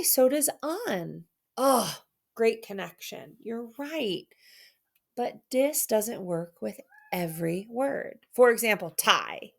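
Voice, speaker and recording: A woman's voice: medium pitch, vocal fry. A woman teacher giving an online reading lesson for children, playful and theatrical, with dramatic mock sadness.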